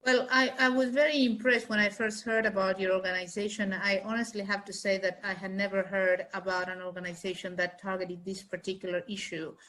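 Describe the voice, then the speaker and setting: A woman's voice: mid-range voice, little pitch movement, brisk, few pauses, a bit bright, poor audio. A woman from Argentina answering interview questions in a thoughtful, hesitant way. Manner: thoughtful, hesitant, many fillers and restarts. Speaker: guest, chamber of commerce chief executive.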